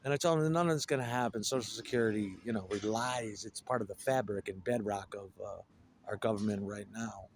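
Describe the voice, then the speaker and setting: A man's voice: fairly low pitch, a little fast, a little hiss or hum. A man telling profane, digressive stories in a casual rambling monologue, with a wry, joking manner. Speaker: storyteller.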